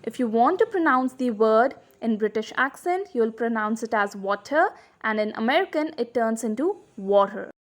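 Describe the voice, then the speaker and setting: A woman with a fairly high voice teaches English pronunciation in an online lesson. She speaks clearly and deliberately. She says each example word carefully so viewers can copy it. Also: expressive.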